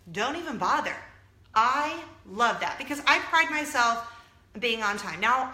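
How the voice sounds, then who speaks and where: A woman hosting a casual vlog, telling a story in an animated, chatty way. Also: fairly high pitch. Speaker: host. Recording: echoey room.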